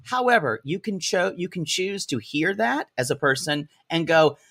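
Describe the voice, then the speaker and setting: A man co-hosting a podcast, recapping a reality show in casual chat, sarcastic and animated, often laughing as he talks. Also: a little high, moderate pace, gravelly, no echo, clean studio sound. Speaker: podcast co-host.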